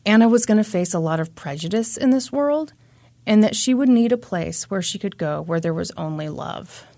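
A woman's voice: mid-range voice, animated, normal speed, dark tone, no echo. A woman hosting a podcast, telling a true crime story in a conversational way with wry asides. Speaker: podcast host.

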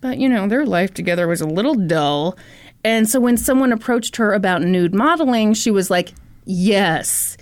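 A woman's voice: medium pitch, lively intonation, brisk. A woman hosting a podcast, telling a story to her co-host in a casual, wry and teasing way, with some swearing.

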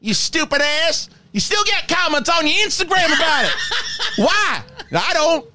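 Guy doing a mean old-movie-loving troll lady, high voice, yells insults nonstop. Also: big pitch swings, normal speed, noisy background. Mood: ranting. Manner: insulting, ranting, swearing. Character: mean, foul-mouthed woman troll who loves old cinema. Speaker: host.

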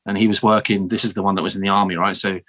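A British man with a fairly low voice talks as a podcast guest. His storytelling is easygoing and chatty, with frequent "man" and "um" along the way. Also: little pitch movement, racing, sharp tone. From United Kingdom. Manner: laid-back, chatty, often says "man" and "um". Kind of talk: casual interview storytelling.

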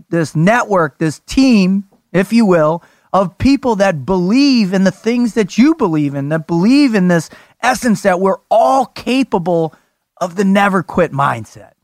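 A man hosting a podcast, hyped and loud, laughing often and swearing freely. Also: sits high, lively intonation, unhurried, dry recording, clean studio sound. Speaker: podcast host. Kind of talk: energetic podcast conversation.

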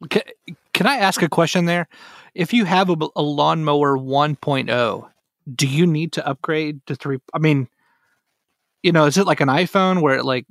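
A man's voice: a little high, no room sound, clean studio sound. A man co-hosting a sports podcast, teasing his partner and laughing easily in casual chat. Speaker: podcast co-host.

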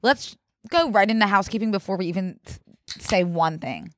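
A young woman from Pennsylvania co-hosting a podcast in casual chat, teasing and quick to laugh. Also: medium pitch, a bit bright, no echo, studio quality. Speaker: podcast co-host.

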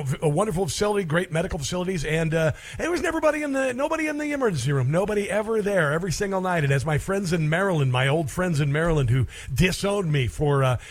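A middle-aged man hosting a talk radio show, holding forth in a rambling, emphatic monologue with lots of fillers and restarts. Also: high-pitched.

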